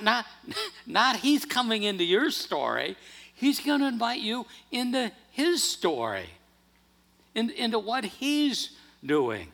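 Male pastor, sermon, high bright voice, animated delivery, reverberant church hall. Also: vocal fry. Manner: animated, earnest preaching with restarts.

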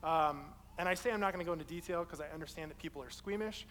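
High-voiced young preacher in a reverberant hall. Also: male voice, quick pace, slight background noise. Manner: casual, animated, acts out quoted people in his story. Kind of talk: sermon with personal storytelling.

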